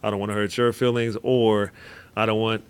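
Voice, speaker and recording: A man co-hosting a podcast who talks in a reflective, measured way. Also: lowish voice, flat delivery, smooth. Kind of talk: casual podcast chat.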